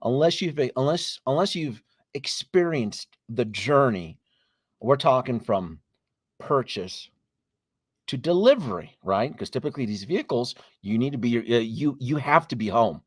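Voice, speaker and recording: A man's voice: mid-range voice, lively intonation, measured pace, breathy edge, no room sound, studio quality. Chatty man hosting a live stream. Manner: chatty, greets viewers by name, laughs often, trails off into restarts. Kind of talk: casual live stream chat.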